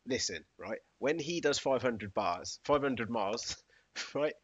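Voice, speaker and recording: A man's voice: mid-range voice, animated, a little slow, husky, dry recording, highs cut off. A man, casually chatting on a podcast, laid-back and slangy, often laughing. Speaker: podcast co-host. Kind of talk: casual chat.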